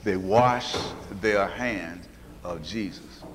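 A man's voice: low voice, very slow, a little hiss or hum. A man preaching a sermon, telling Bible stories in a folksy way and acting out the people in them with different voices. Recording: long hall reverb.

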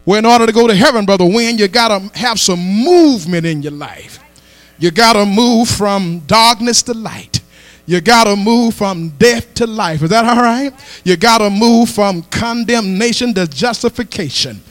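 High, lively preacher man shouting sermon. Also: normal speed, no echo, soft background music. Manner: builds to shouted, sung call-and-response preaching. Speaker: pastor. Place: church sanctuary.

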